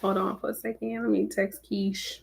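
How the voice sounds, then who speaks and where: A woman's voice: medium pitch, flat delivery, normal speed, vocal fry. A woman hosting a live stream, greeting her viewers by name in a casual, chatty way. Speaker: livestream host.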